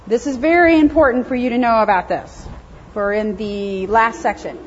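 Laughing often, a woman explains animal behavior to a conference audience in a chatty, self-deprecating manner and fields their questions. She speaks at normal speed in a fairly high voice, captured as dull lo-fi sound with slight background noise.

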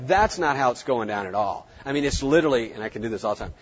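Husky Southern man lecturing in a hall. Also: medium pitch, expressive, quick pace, hardly any pauses. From American South. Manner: conversational, repeats words, demonstrates on stage. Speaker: workshop presenter. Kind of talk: live seminar lecture. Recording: dull recording in a large reverberant hall.

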